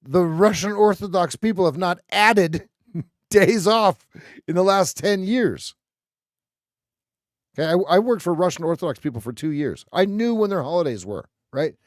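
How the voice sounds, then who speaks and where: A man's voice: high voice, lively intonation, moderate pace, no echo, studio quality. A man hosting a live trading stream, ranting bluntly and sarcastically in casual chat.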